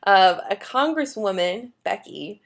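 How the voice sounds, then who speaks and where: A woman's voice: medium pitch, animated, measured pace, gravelly. A woman co-hosting a podcast, chatting casually and recapping an episode with playful jokes. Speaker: podcast co-host.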